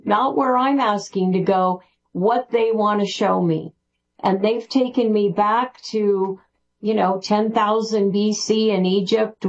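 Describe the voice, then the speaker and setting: A woman guest on a radio interview, talking excitedly and rambling with restarts. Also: mid-range voice, muffled recording. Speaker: spiritual author guest. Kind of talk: interview answers.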